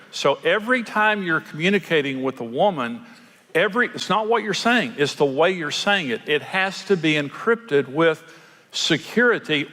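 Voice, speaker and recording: A man's voice: fairly high pitch, sharp tone. An older man preaching a sermon as a pastor, telling folksy stories and acting out quoted lines. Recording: long hall reverb.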